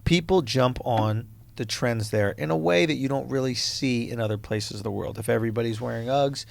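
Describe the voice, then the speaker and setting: A man hosting a podcast in casual chat, emphatic and swearing freely, speaking in quick bursts. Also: medium pitch, creaky, dry recording. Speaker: podcast host.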